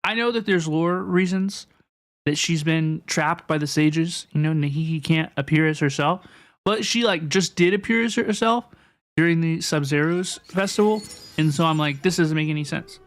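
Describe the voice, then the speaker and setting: A man's voice: a little high, moderate pace. A young man streaming a video game, chatting playfully with his viewers and often repeating his phrases. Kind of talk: casual live-stream chat while gaming.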